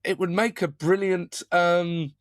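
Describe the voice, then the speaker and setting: A man's voice: sits high, fairly even intonation, slow pace, no room sound, clean studio sound. A man co-hosting a podcast, jokey and a bit hesitant, stammering through fillers. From United Kingdom. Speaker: podcast co-host. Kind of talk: casual chat.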